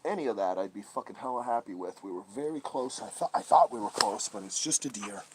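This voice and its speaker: A man hosting a livestream outdoors at night, talking casually and swearing a lot, often dropping to a hushed whisper. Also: fairly low pitch, animated, fast talker, background noise. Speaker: livestream host. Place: outdoors at night in brush by a creek.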